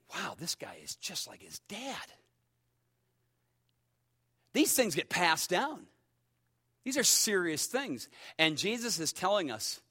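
A pastor preaching a sermon in a high, bright voice. He tells stories with energy, dropping to a hush and then rising to loud, sharp outbursts. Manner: animated storyteller, swings between hushed and shouting.

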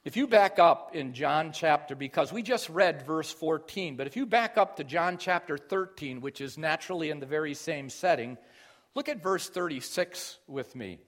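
A man's voice: fairly high pitch, expressive, normal speed. A middle-aged man preaching a sermon, explaining scripture and rising in force on key phrases. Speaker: pastor.

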